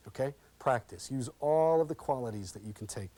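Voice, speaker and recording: A man running a live workshop on interview skills, speaking in an ordinary mid-range voice. He is animated and folksy, acts out little scenes for his listeners and checks with them after nearly every point. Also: mid-range voice, brisk, few pauses, a little hiss or hum. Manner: lively and interactive, checks in with "okay?" constantly. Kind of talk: live workshop talk with role-play demonstrations.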